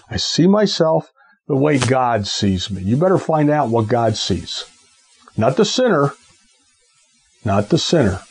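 A man's voice: fairly high pitch, darkish tone, husky. A man preaching a sermon, fervently exhorting listeners and leading them in spoken declarations of faith.

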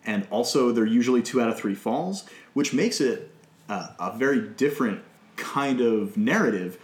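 A man's voice: mid-range voice, animated, moderate pace, reverberant. A man hosting a casual podcast, laughing often and explaining wrestling rules. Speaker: podcast host.

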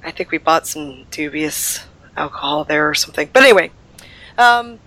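A woman's voice: low-pitched, lively intonation, moderate pace, pushed and bright. A woman chatting casually, telling rambling travel stories with lots of fillers, still getting over an illness. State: recovering from illness. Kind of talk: casual chat.

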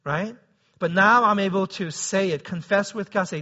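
Male pastor with a high, crisp voice and a conversational preaching manner, on a dull low-fidelity recording. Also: normal speed, pushed and bright. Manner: conversational, often asks the listeners "right?". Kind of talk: sermon.

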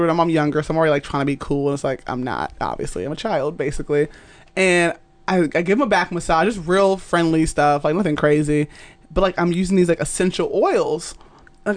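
A young adult woman, a podcast guest, telling a story in casual chat, laughing often and acting out the voices of people she quotes. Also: fairly low pitch.

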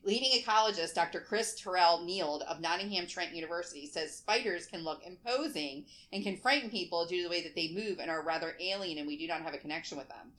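A woman's voice: lowish voice, fast talker, few pauses, fairly bright tone. A woman co-hosting a podcast in casual chat, laughing often and reading news aloud. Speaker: podcast co-host.

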